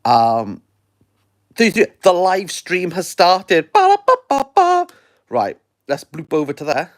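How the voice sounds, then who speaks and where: A Welsh man with a fairly high, bouncy voice rambles through a casual livestream. He keeps the tone jokey and playfully sarcastic, speaking into a phone. The sound is dry and close, with no room around it. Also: animated, slow pace, no echo. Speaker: book reviewer.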